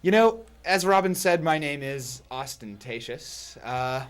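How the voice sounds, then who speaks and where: A man's voice: fairly high pitch, lively intonation, unhurried, clear, resonant tone. A man guest doing satirical in-character comedy, boasting in a smug, self-satisfied way.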